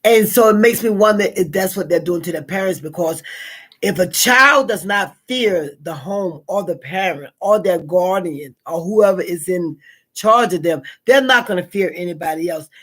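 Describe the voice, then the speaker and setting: A woman's voice: lowish voice, normal speed. Rambling Southern-accented woman host. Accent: Southern American. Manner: rambling, repeats herself, frequent fillers. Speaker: live stream host. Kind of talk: casual spoken reflection.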